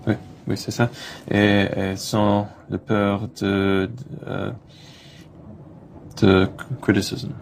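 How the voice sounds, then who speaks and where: Slow, halting man in a therapy session. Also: on the low side, level tone, gravelly, a little hiss or hum. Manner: halting and hesitant, with many fillers. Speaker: therapy client. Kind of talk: role-play exercise in a therapy session.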